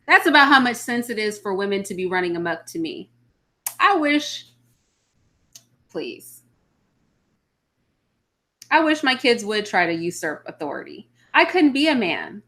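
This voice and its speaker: This mother of children hosts a casual live chat, responding to viewers' comments bluntly and with strong opinions. Her voice is fairly high, with a pushed, bright quality.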